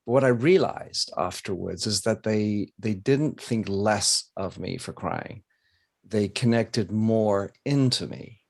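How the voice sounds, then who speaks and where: A man's voice: on the low side, unhurried, creaky. A man hosting a podcast interview, talking conversationally and sharing a personal anecdote. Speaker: podcast host.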